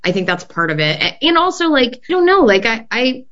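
A woman's voice: a little high, big pitch swings, brisk, a bit bright. A young woman improv performer chatting in an interview, rambling with many restarts and frequent laughs. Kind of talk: casual interview chat. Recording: slightly muffled audio.

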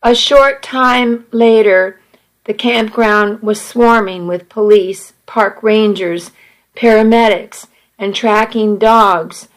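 Woman, first-person story narration, earnest, slow pace. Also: medium pitch, steady tone, poor audio.

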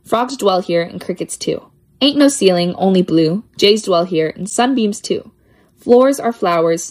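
Woman, children's poetry reading, lilting playful rhythm, mid-pitched voice. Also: lively intonation, unhurried, darkish tone. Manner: lilting, playful sing-song delivery. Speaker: poetry reader. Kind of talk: reading children's poems aloud.

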